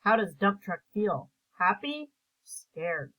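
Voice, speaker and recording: A woman teacher reading a picture book aloud and asking simple comprehension questions in a slow, clear, patient way. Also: medium pitch, big pitch swings, fairly bright tone, poor audio.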